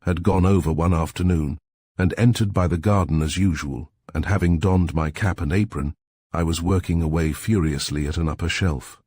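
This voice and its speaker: A man reading a sleep story aloud in a calm, soft-spoken, measured way with a husky voice. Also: deep voice, dry recording, studio quality.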